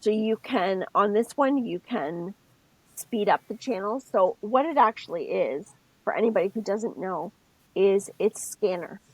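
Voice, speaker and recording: A middle-aged woman co-hosts a casual podcast chat, telling stories and explaining things step by step. Her voice is breathy and husky. The sound is dry and close, with no room around it. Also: mid-range voice, lively intonation, a little slow, no echo, poor audio. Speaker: podcast co-host.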